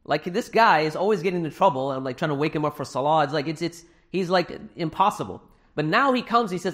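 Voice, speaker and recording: A man's voice: a little high, expressive, quick pace. A middle-aged man giving a fundraising sermon to a live audience in a hall, earnest and conversational with self-deprecating humor. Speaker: speaker at a fundraising talk.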